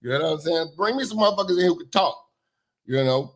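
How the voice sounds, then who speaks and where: A man's voice: fairly high pitch, animated, quick pace. A man hosting his own commentary show, talking in a blunt, profane, rambling way with lots of fillers. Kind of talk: casual opinion commentary.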